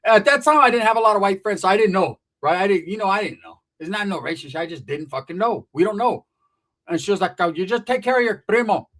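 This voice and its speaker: A man in his forties from California telling a comedic story, profane and animated, acting out the people in it. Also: sits high, fast. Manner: profane, animated, acts out voices.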